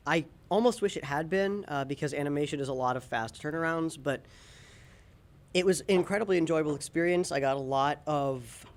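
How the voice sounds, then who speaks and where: Chatty young man, slightly high voice. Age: young adult. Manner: chatty and easygoing, with frequent ums. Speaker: student animator on a class game project. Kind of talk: casual panel chat.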